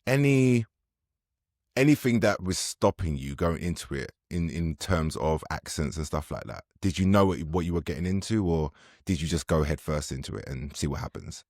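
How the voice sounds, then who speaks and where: A man with a very deep voice hosts a podcast interview. He asks questions loosely, with jokes and quick asides. He sounds close and dry, with no room around him. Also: animated, a little mellow, dry recording. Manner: casual, joking, quick interjections. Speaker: podcast host.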